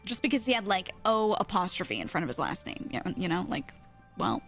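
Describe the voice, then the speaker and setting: A woman's voice: lowish voice, big pitch swings, fairly quick, soft background music. An American woman streamer telling a story in casual chat, rambling with lots of fillers and frequent laughter.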